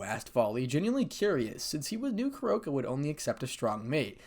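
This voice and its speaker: A man narrating a fan fiction story, reading quickly with small slips. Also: medium pitch, big pitch swings.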